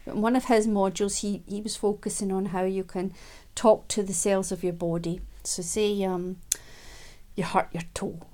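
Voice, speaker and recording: A woman giving a gentle, unhurried self-help talk, with frequent ums and quiet laughs. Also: medium pitch, level tone.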